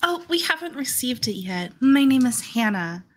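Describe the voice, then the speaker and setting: A woman's voice: high-pitched, very animated, normal speed, slight background noise. A woman playing a character in a tabletop game, eager, curious and polite. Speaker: player. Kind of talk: in-character role-play.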